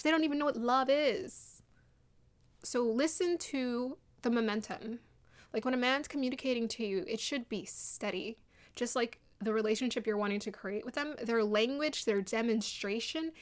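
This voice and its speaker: Young woman, casual video commentary, animated and chatty, slightly high voice. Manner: chatty and animated, mimics people in quotes. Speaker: commentator on a dating show.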